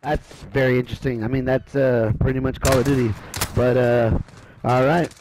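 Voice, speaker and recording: A man doing casual, excitable commentary on an online game match, with loud exclamations at big plays. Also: mid-range voice, normal speed, background noise.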